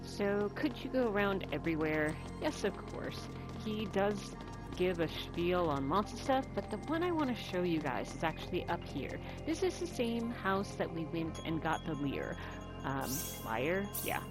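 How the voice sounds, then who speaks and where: A woman's voice: lowish voice, big pitch swings, measured pace, rough recording. A woman hosting a game walkthrough in casual, chatty commentary over game music. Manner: chatty, rambling. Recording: game music playing behind.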